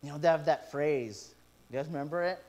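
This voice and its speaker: A middle-aged man preaching from the pulpit in a fairly high voice. He tells stories with animated asides, acting out what people said. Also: brisk. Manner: animated storytelling with quoted asides. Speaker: pastor. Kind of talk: sermon.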